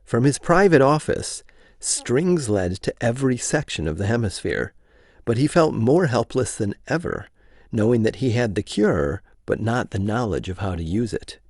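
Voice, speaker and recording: A man reading a vintage novel aloud in a measured, expressive way. His voice is gravelly with a lively, rising and falling melody, and he takes his time. The recording is dry and close to the mic. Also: medium pitch, no room sound. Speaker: reader. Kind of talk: informal audiobook narration.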